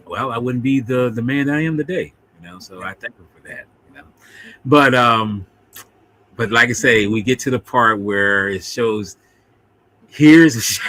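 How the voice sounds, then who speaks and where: Co-hosting a film discussion video, a man casually recaps an old monster movie, laughing often and acting out the characters in mock voices. His voice is medium-pitched and a little bright, captured in a dry recording.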